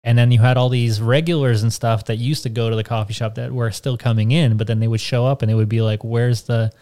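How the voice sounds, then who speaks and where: Male co-host, North American, casual rambler, mid-range pitch. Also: fairly even intonation, fast talker, dark tone. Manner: rambling, filler-heavy storytelling. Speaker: podcast co-host. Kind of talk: casual chat.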